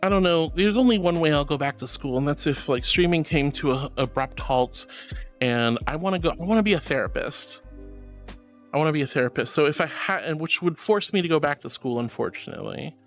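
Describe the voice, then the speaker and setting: A woman's voice: low voice, lively intonation, a little fast, faint music behind. A woman streamer reading out chat messages, affectionate and giggly, calling viewers darling and honey. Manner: laughs often. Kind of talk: casual live-stream chat.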